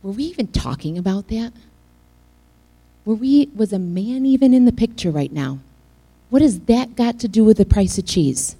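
A woman's voice: medium pitch, expressive, moderate pace, warm tone. A woman preacher giving a casual, joking sermon, acting out the scenes she tells. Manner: chatty, joking, acts out scenes.

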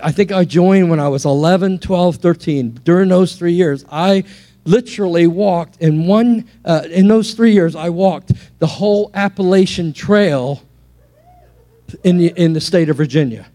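A pastor from England preaching an animated sermon to a church, telling stories with frequent restarts. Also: male voice, high voice, unhurried.

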